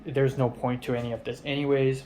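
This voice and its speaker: In a flat, low-key voice, a young man recounts a personal story casually and fairly quickly, rambling with many fillers. He often trails off quietly, and there's slight background noise.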